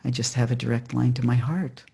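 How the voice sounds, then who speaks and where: A storyteller voicing a gentle, wise old Hasidic rebbe, a man who speaks softly, patiently and without hurry, with a gravelly, husky voice. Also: medium pitch, fairly even intonation. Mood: gently teaching. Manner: soft, patient and unhurried.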